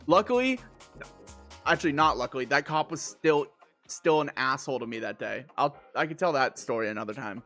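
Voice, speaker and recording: A man's voice: medium pitch, fairly quick, soft background music. Young man ranting through a profane storytime. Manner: animated, profane storytelling with sudden incredulous outbursts. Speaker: livestreamer. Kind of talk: ranting storytime on a live stream.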